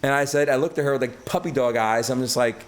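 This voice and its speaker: A middle-aged Brooklyn, New York man, medium in pitch and quick in pace, swaps stories as a podcast guest. His casual storytelling is profane and animated, full of acted-out quotes.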